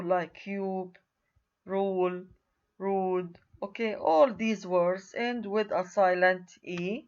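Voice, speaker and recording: A woman lecturer walks students through a recorded writing lesson at an unhurried pace. She repeats key words and points at examples as she goes. Her medium-pitched voice comes through a slightly dull, lo-fi recording. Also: a little mellow.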